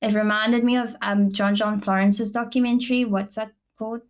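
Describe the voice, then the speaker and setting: A young South African woman co-hosting a podcast, talking in a chatty, gushing way with plenty of "like" fillers. Her voice sits at an ordinary middle pitch. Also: little pitch movement, moderate pace. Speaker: podcast co-host. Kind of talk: casual chat.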